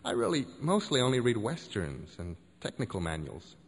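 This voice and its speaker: A man's voice: medium pitch, very animated, moderate pace, breathy edge, in a large hall. A man voicing a young, polite visitor who sounds hesitant and puzzled.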